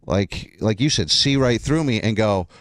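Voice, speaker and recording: A man's voice: fairly low pitch, lively intonation, moderate pace, no echo. A man hosting a radio show, chatting casually and self-deprecatingly with a guest in the studio.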